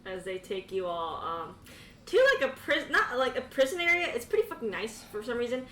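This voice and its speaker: High, lively woman game master. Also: fairly quick, far from the mic, slight background noise. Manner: giggly, casual, swears. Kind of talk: narrating a tabletop game. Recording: echoey room, off mic.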